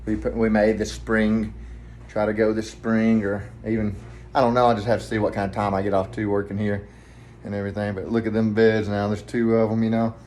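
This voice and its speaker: Man, Southern accent, low voice, quiet rambling vlog talk, hotel room, faint background hum. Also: little pitch movement, brisk. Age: adult, family man with kids. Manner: rambling, hushed so neighbors won't hear. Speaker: vlogger, trucking trainee.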